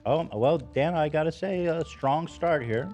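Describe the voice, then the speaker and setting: A man's voice: on the high side, measured pace. A man hosting a podcast, chiming in with teasing questions in casual chat. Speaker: podcast host. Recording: podcast audio with loud music behind.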